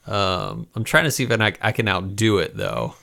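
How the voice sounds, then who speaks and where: A man's voice: fairly low pitch, wildly swooping pitch, moderate pace, creaky, sharp tone. A man co-hosting a podcast in casual chat, easygoing and hesitant, with many ums. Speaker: podcast co-host.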